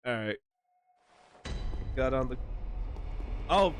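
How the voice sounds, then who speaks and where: A man's voice: medium pitch, normal speed, long pauses, fairly bright tone, faint music behind. A man in his twenties chatting casually with viewers while playing a game, slangy and rambling, laughing often. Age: 20s. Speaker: streamer. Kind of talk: casual gameplay commentary to chat.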